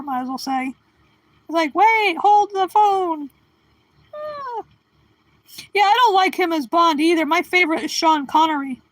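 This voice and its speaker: A woman's voice: high-pitched, no room sound, rough recording. A woman in her sixties hosting a livestream, chatting casually and rambling as she answers viewers. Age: 60s. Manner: rambling, chatty, restarts and trails off. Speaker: livestream host.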